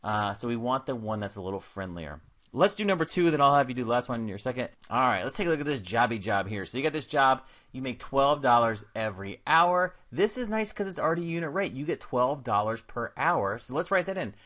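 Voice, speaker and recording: A man's voice: medium pitch, lively intonation, fairly quick, fairly bright tone. A man talking through a recorded math lesson, upbeat and easygoing. He keeps it casual and encouraging and drops in slangy asides. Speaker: math teacher.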